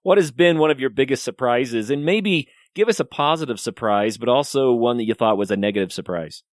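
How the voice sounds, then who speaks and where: A man hosting a podcast, asking relaxed interview questions. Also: mid-range voice, brisk, dry recording, clean studio sound. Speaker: podcast host.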